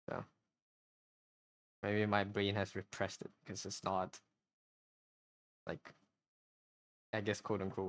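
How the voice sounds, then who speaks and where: Drawing on a live stream, this artist chats casually but haltingly, rambling, restarting and repeating words. His voice sits on the low side and is creaky, with no echo.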